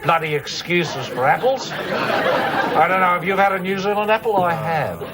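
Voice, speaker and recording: Australian male comic host, animated indignant ranter with deadpan insults, over loud crowd noise. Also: high voice, normal speed. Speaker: comedy talk show co-host. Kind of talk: comic rant. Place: TV studio with live audience. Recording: loud studio audience laughter and noise.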